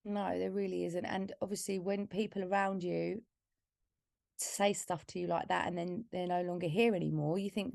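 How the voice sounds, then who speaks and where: A woman's voice: on the low side, fairly even intonation, normal speed, vocal fry, darkish tone, dry recording, studio quality. A woman from Essex, England, a singer-songwriter guest talking candidly and from the heart in a casual podcast interview, with lots of "like". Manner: candid, heartfelt storytelling with filler "like".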